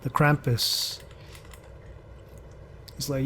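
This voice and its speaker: A man's voice: on the high side, steady tone, moderate pace, a little mellow, a little hiss or hum. A man giving rambling, chatty commentary over a driving game, talking to other drivers as he goes. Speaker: gaming channel host. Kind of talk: casual gameplay commentary.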